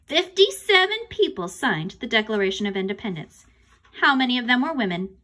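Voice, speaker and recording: A woman voicing an excitable grown man hosting a school quiz, announcing in a bouncy way. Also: fairly high pitch, a little fast. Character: excitable adult male quiz host.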